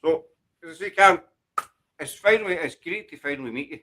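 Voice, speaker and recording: A man's voice: on the high side, lively intonation, fairly quick, pushed and bright, slight background noise, rough recording. A middle-aged man with a Glaswegian Scottish accent, hosting a casual chat show in a rambling, self-deprecating, joking way. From Glasgow, Scotland. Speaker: host.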